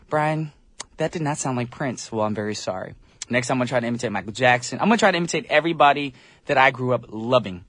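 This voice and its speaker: A chatty male radio DJ talking casually between songs in a studio. His voice is mid-pitched and sits close and dry on the mic. He rambles cheerfully with plenty of fillers. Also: a bit bright, no echo. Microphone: studio microphone.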